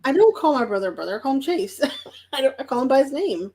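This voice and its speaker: A woman's voice: high voice, big pitch swings, fast talker, a little mellow. A woman co-hosting a casual chat, telling stories in an amused, chatty way. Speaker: co-host.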